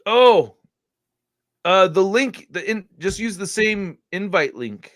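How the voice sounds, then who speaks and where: A man co-hosting a casual live stream, animated, jumping from loud outbursts to low mumbles. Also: slow pace. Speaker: podcast co-host.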